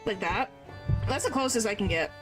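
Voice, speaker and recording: A woman's voice: medium pitch, expressive, brisk, music in the background. A woman streaming a video game, chatting casually and playfully, trying out character voices. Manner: playful, tries out voices, mild exclamations.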